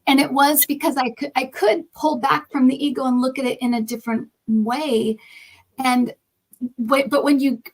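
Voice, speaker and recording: A middle-aged woman, a psychic reader who hosts her own show, talks casually with a co-host. Her voice sits a little high, and she tells stories with animation, racing through some phrases and lingering on others. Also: low-quality recording. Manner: animated storytelling, hurried bursts then drawn-out words. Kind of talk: casual chat.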